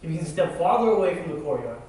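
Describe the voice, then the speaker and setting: A man's voice: fairly high pitch, very animated, racing, darkish tone. A young man preaching a casual sermon, talking loosely and conversationally with lots of "like" and "man". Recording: echoey hall from far off, faint noise.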